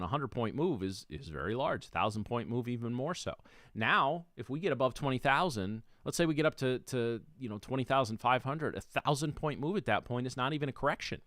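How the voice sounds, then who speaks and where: A man's voice: medium pitch, a bit bright, dry recording, studio quality. A man hosting a trading show, talking casually to viewers, often restarting sentences and checking in with "right?". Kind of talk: casual explanatory talk on a livestream.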